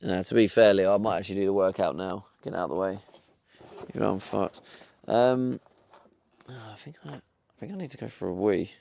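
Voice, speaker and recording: A man's voice: fairly low pitch, a little fast, gravelly, darkish tone. A young man streaming live from his van, chatting casually and bantering with his viewers. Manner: chatty, swears, talks back to chat.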